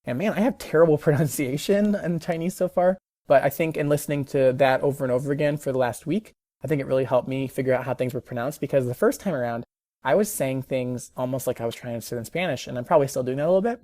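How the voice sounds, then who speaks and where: Casual teacher-turned-student, mid-pitched, chatty with self-corrections, dry booth-like sound. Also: fast talker, mellow, no room sound. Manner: chatty, thinks aloud with self-corrections and little laughs. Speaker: teacher learning Mandarin. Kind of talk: casual video diary of language practice.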